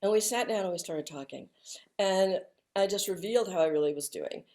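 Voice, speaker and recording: Soft-spoken woman guest, halting and reflective. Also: medium pitch. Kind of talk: reflective interview talk.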